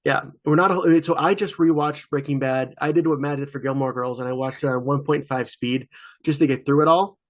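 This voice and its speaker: A man co-hosting a podcast, relaxed and joking in casual chat over a video call. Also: mid-range voice, a little fast. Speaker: podcast co-host.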